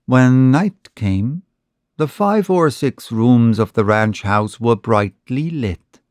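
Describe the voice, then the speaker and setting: A man narrating a short story in a measured, unhurried reading. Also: mid-range voice, expressive, a little mellow, no room sound, clean studio sound.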